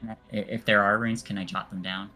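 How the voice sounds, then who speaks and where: A man's voice: lowish voice, flat delivery, fairly quick, sharp tone, soft background music. A man playing a tabletop game, talking hesitantly with many fillers. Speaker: player.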